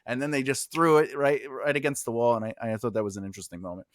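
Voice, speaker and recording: A man hosting a podcast, telling stories in an animated way with lots of fillers and a joking tone. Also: medium pitch, fast talker, no echo, clean studio sound. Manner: animated storyteller, many fillers and restarts, jokey. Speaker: podcast host. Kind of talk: casual podcast conversation.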